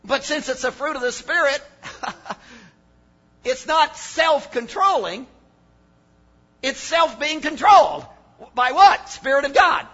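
An older man preaching a sermon, dropping to low asides and then rising to shouted emphasis. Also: takes it slowly, pauses often. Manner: animated, swings from low mutters to shouted emphasis. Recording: dull lo-fi sermon recording.

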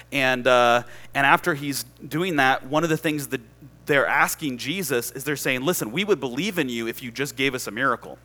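A man preaching a sermon, telling a story in a loose, conversational way and building to loud, emphatic passages. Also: medium pitch.

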